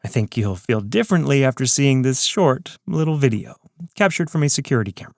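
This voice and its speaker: A man's voice: mid-range voice, lively intonation, brisk, vocal fry, a little mellow, no echo. A smug schemer with a raised, lilting voice, as a male narrator puts him on, mocking and condescending. The recording is dry and close, for a serial audiobook. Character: smug scheming male villain taunting over video.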